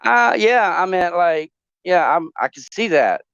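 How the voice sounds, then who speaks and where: Rambling, joking male host; smooth, clear voice on a dry, slightly muffled recording. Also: high voice, expressive, measured pace, fairly bright tone, no echo. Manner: rambling, joking, many fillers. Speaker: talk show host. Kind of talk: casual chat, asking would-you-rather questions.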